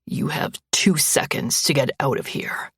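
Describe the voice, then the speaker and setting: A woman voicing a protective male stranger who speaks calmly and firmly. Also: low-pitched, a little slow, breathy edge, dry recording, clean studio sound, pitched below the performer's own voice, heavily acted. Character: calm deep-voiced male stranger, protective.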